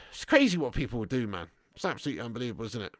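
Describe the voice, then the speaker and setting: A man's voice: medium pitch, sing-song, rapid-fire, dry recording. A tired man hosting a live football watch-along, reading viewer messages with sweary, blokey banter. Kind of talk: live stream chat reading super chats.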